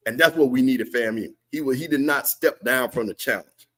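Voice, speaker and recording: A man's voice: mid-range voice, a little fast, hardly any pauses, fairly bright tone. A man hosting a live game watch party and commentating casually, reading viewer comments and using loose, slangy talk. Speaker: watch party stream host. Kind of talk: live sports commentary chat.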